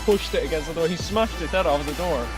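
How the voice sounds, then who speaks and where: A young Irish man telling animated, laughing stories in a casual chat. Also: fairly high pitch, fast, poor audio. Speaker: co-host. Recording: loud music underneath.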